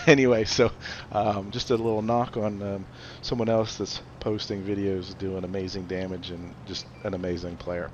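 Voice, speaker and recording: A man giving a relaxed, chatty game review with lots of fillers and little chuckles. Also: fairly low pitch, a little hiss or hum. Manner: chatty, loose, many fillers, chuckles often. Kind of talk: casual gameplay commentary.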